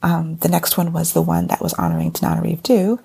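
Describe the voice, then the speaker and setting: Hoarse woman with a gravelly voice. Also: low-pitched, big pitch swings, a little fast, mellow. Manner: chatty, rambling with fillers and restarts. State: hoarse, losing her voice. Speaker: podcast host. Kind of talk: casual podcast monologue. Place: at a convention, indoors.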